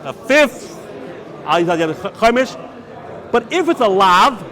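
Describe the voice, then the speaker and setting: A man's voice: high voice, big pitch swings, takes it slowly, pushed and bright. A man, a rabbi, teaching Jewish law in a yeshiva lecture. He asks questions and answers them himself, and he mixes Hebrew and Yiddish terms into his English.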